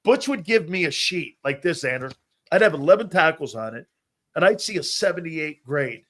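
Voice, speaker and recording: A middle-aged man hosting a sports talk show, telling loud, brash stories and acting out what coaches said. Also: on the high side, lively intonation, moderate pace. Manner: loud, brash storyteller who acts out quotes. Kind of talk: casual sports talk, storytelling.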